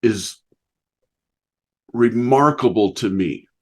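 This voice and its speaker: A man's voice: mid-range voice, slow pace. A man hosting a podcast interview, reflecting on his guest's story with short, emphatic, affirming remarks. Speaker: podcast host. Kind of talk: interview conversation.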